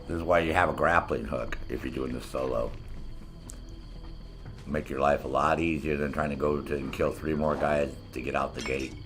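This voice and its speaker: A man's voice: a bass voice, steady tone, normal speed, fairly bright tone, soft background music. A man giving casual, rambling gameplay commentary full of swearing, explaining how he plays a heist solo. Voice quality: profane, laid-back and rambling. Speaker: gameplay streamer.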